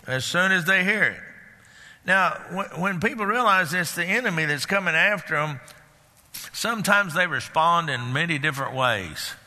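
An older man delivers a sermon in a slightly high, very bright voice. His talk is folksy and halting, full of fillers and restarts. The sound carries a long hall reverb. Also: expressive. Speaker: pastor.

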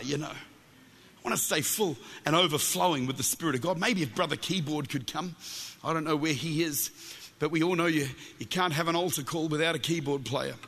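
A guest preacher with an Australian accent delivers a Pentecostal sermon, his voice on the high side, husky, with vocal fry and a long reverb tail. He tells animated stories with jokes, stumbling and often repeating his words.

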